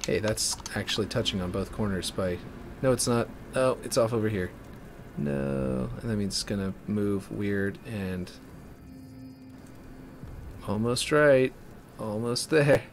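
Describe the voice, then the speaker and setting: A man giving casual, rambling commentary as he builds a game map, thinking out loud and correcting himself as he goes. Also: lowish voice, expressive, a little slow, pauses often, a little hiss or hum.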